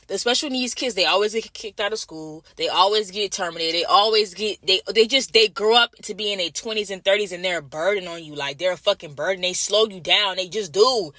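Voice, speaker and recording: A woman's voice: medium pitch, bright, forceful tone, no room sound. A woman from Jamaica in a casual vlog, ranting bluntly and profanely, repeating her points over and over. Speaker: vlogger.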